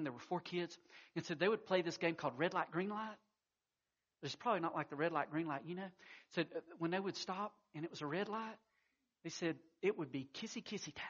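A fairly high-voiced man preaching a sermon in a folksy, storytelling way. He stumbles into repeated restarts as he goes. The recording sounds dull and muffled. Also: a bit bright. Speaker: pastor.

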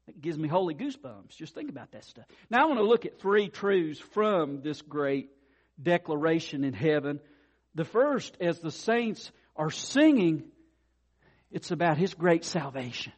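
Male pastor preaching, high voice with a lively, swooping delivery. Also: unhurried. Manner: animated preaching, swings from soft asides to loud declarations. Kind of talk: sermon.

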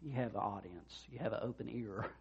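Through a muffled recording comes a pastor with a fairly low, slightly rough voice, speaking briskly. He preaches in a conversational way, voicing the characters in the stories he tells with lively retold dialogue.

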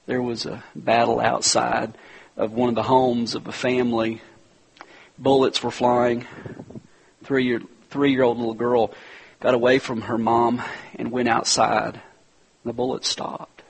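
A male pastor preaching a sermon with passion, swinging from loud urging down to a near whisper. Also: medium pitch, vocal fry, husky, rough recording.

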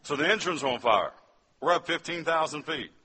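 A man's voice: fairly high pitch, animated, normal speed, sharp tone, a little hiss or hum. A man from West Virginia telling a testimony as a sermon, speaking straight to his listeners as he tells his story. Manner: storytelling, addresses the audience directly.

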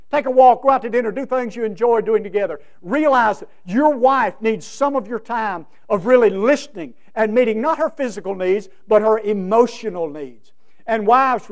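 A middle-aged male preacher giving a sermon, emphatic, with big swings from loud to soft. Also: sits high. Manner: emphatic, with wide swings in loudness.

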